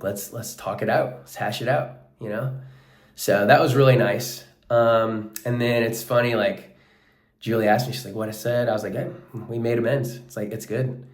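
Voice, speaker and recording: A man's voice: lowish voice, reverberant. A man talking casually as a coach in a vlog, earnest and full of "like" and "bro", sweaty after a workout. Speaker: wrestling coach and life coach.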